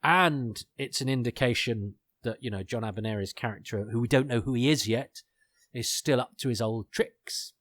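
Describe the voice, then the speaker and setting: A man talks through his thoughts in a loose, enthusiastic ramble, full of ums and quick asides. His pitch sits at an everyday middle, and the recording is close and dry with no room sound. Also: fairly bright tone, no echo. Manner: enthusiastic, chatty, digressive with many fillers. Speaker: podcast host. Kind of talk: casual commentary chat.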